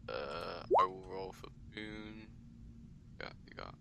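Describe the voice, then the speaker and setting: A man with a low, bright, forceful voice plays a tabletop game. He trades quick in-character retorts and asks about the rules. There is a faint hiss on the voice chat. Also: expressive, gravelly, poor audio. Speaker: player. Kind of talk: casual tabletop play over voice chat.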